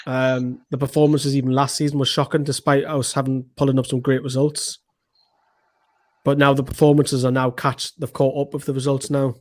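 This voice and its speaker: A man, co-hosting a live football watchalong from home, chatting casually, swearing and erupting with excitement. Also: mid-range voice, moderate pace. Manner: excitable, swears, shouts at goals. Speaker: fan channel co-host. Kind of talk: live match watchalong chat. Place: indoors at home with a computer.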